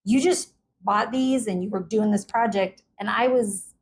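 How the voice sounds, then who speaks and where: A woman co-hosting a relaxed couple's podcast, talking things through with reflective candor. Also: mid-range voice, unhurried. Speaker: podcast co-host. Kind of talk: casual couple's conversation.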